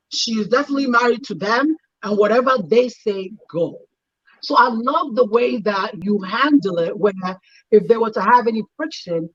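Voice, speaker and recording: A woman's voice: on the high side, fairly bright tone, muffled recording. A middle-aged woman who hosts a chat show and tells a personal story with animation, acting out quoted lines. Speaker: host.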